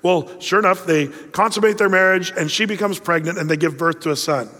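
High-voiced pastor telling a story. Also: male voice, a little fast, bright, forceful tone, big-room sound. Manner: conversational storytelling with joking asides. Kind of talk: sermon.

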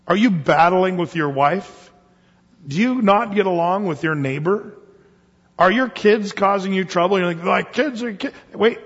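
Husky-voiced male preacher in echoing hall. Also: fairly high pitch, highs cut off. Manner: conversational, animated storytelling with rhetorical questions. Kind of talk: sermon.

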